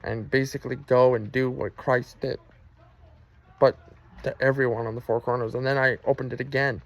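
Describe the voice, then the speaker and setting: A man's voice: mid-range voice, fairly even intonation, moderate pace, gravelly, rough recording. A man telling his personal faith testimony in an earnest, emotional way. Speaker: Christian testimony vlogger.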